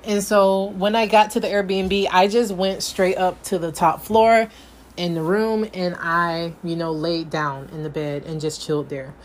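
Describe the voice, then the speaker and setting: A young woman telling a casual storytime vlog, animated, acting out what her past self said. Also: fairly low pitch, unhurried, a little hiss or hum. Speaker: vlogger.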